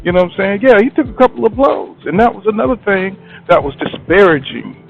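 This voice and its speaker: A man's voice: high voice, big pitch swings, quick pace, vocal fry. A man giving a casual boxing commentary monologue, blunt and slangy, who keeps asking "you know what I'm saying". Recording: tinny phone-like sound, faint music.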